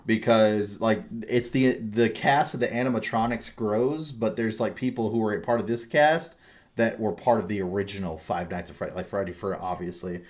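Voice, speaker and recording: Man, podcast host, lowish voice, rambling and animated, swears a lot. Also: normal speed. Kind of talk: casual chat.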